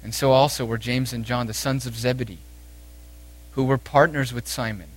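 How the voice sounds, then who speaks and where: A man preaching a sermon, speaking with emphasis and moving between raised exhortation and quiet, intense passages. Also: mid-range voice, moderate pace.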